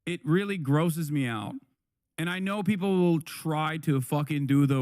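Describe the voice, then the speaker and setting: A man's voice: fairly high pitch, measured pace, darkish tone, no echo, studio quality. A man streaming live, reacting to a video with heated, profane commentary that often repeats and restarts. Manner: angry, profane ranting.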